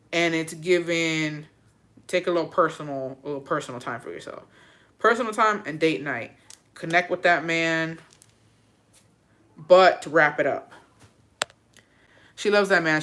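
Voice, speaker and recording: Bright-voiced woman giving frank advice. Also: sits low. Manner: frank, slangy, swears freely, calls listeners bestie. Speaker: podcast host giving advice. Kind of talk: casual advice chat, reading listener letters.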